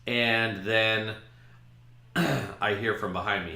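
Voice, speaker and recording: A man's voice: on the low side, slow pace, gravelly, long pauses. A man hosting a podcast, casually telling a self-mocking story about his own past. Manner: self-mocking, animated retelling. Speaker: podcast host. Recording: roomy echo.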